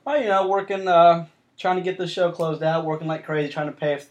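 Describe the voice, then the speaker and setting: Man, podcast host, casual chat, rambling with restarts, somewhat high voice. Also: steady tone, fairly quick, dull audio. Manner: rambling storyteller with frequent restarts.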